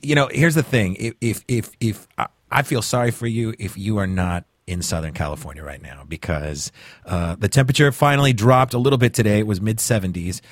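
A man's voice: fairly low pitch, fairly quick, no room sound. A man hosting a podcast in casual chat, chatty with frequent stammering restarts. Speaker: podcast host.

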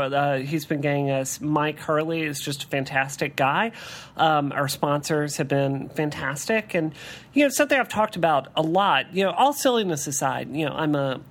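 A woman co-hosting a podcast in casual chat, animated and coaxing, laughing often. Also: sits low. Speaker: podcast co-host.

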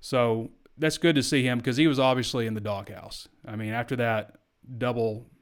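A man in the host's chair of a sports podcast, talking at an ordinary pitch in a loose, conversational way. He rattles off scores and stats and stops to fix his own slips along the way. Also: fairly even intonation, normal speed. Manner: chatty, self-correcting, stat-heavy. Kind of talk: casual sports talk show.

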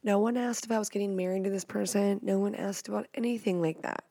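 A woman's voice: medium pitch, fairly even intonation, quick pace, creaky, warm tone, no echo, clean studio sound. A young woman hosting a podcast, answering questions in a blunt, playful, self-mocking casual chat. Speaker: podcast host.

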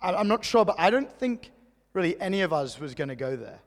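Male pastor, high gravelly voice, casual animated sermon delivery, long church reverb. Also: brisk. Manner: conversational, animated storytelling preacher.

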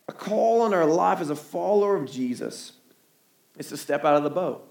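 Man, pastor, high voice, lively conversational sermon, rhetorical questions, roomy church sound. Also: moderate pace, vocal fry. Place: church hall.

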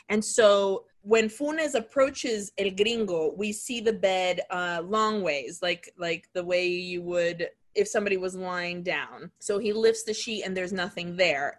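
A woman co-hosting a podcast, recapping a horror film in lively casual chat, swearing freely and acting out scenes. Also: mid-range voice. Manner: animated, swears freely, quick laughs, acts out scenes. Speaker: podcast co-host.

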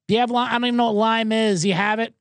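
A man voicing a clueless male shopper rushing to buy supplies. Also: high-pitched, steady tone, dry recording, voice pushed up. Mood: flustered. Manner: rushed, dim-witted.

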